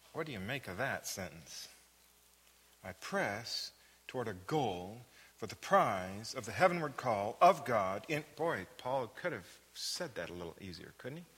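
A man leads a Bible study, reading scripture aloud, then asking listeners questions and repeating phrases for emphasis. His medium-pitched voice is bright, husky, and forceful, with a long reverb tail.

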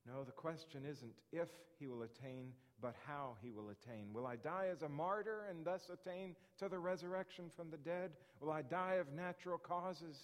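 A man preaching a sermon as a pastor, earnest, repeating his questions for emphasis. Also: medium pitch. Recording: reverberant hall.

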